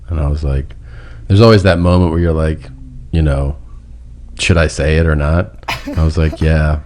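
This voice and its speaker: A man's voice: rumbling low, steady tone, a little fast, darkish tone. A man telling a long, rambling personal story in casual podcast chat, laughing now and then. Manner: rambling, laughs through his own story.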